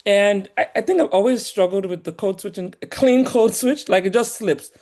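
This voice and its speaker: A woman's voice: mid-range voice, normal speed. Nigerian woman with some american polish, chatty and emphatic, laughs a lot. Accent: Nigerian, polished by years in the US. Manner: animated and emphatic, laughs often. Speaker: guest. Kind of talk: casual conversation.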